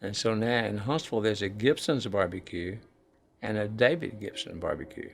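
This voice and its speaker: A man who owns a barbecue restaurant, telling his family's story in a steady, matter-of-fact way. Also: lowish voice, moderate pace, a little hiss or hum.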